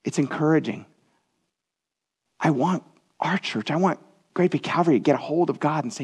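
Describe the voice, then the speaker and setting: A male pastor delivering a sermon with a notably high-pitched voice. He talks to the congregation directly and earnestly, in a conversational preaching manner. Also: normal speed, long pauses, breathy edge.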